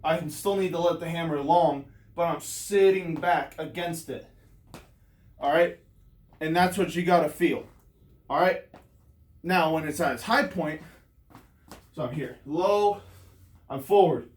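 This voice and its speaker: A man's voice: a little high, unhurried, pauses often, recorded from a distance. A man coaching hammer throw technique, out of breath, demonstrating moves as he explains them in a loose, rambling way with many fillers. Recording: roomy echo, speaking from away from the mic.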